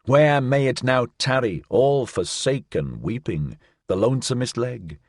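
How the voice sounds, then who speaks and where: A man's voice: medium pitch, lively intonation, unhurried, no echo, studio quality. A man voicing a theatrical wanderer's shadow singing. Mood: lamenting. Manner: declamatory, swinging between hushed and loud exclamations. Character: theatrical male wanderer's shadow singing a mock-pious desert song. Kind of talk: dramatic audiobook reading.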